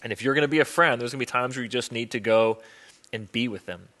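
Man, pastor, sermon, conversational, wry humor, bright tone. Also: mid-range voice, quick pace.

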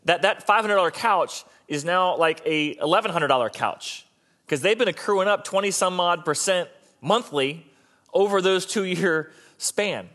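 Joking pastor with a fairly high voice. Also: male voice, unhurried, a bit bright. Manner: conversational and joking, often restarting his sentences. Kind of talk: sermon.

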